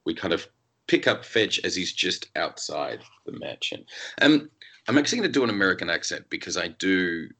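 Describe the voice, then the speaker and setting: Deep-voiced man, rambling author chat. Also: sing-song, fairly quick, pushed and bright. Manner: rambling, full of "you know" fillers. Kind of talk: casual interview chat.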